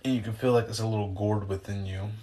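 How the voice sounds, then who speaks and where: Deep-voiced man rambling on a livestream. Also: fairly even intonation, quick pace, warm tone, slight background noise. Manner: rambling, loose and slangy, with mild swearing. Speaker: livestreamer answering viewer questions. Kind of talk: casual livestream chat and guided breathing instruction. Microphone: phone.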